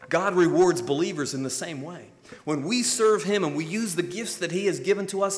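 A man preaching a sermon, telling stories and acting out the voices of the people in them. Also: a little high. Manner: storytelling preacher, acts out quoted voices. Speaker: pastor. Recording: long hall reverb.

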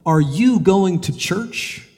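A man voicing a kind, gentle young woman, speaking softly and slowly with earnest warmth. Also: sits high, expressive, long reverb tail, voice pushed up, full character voice.

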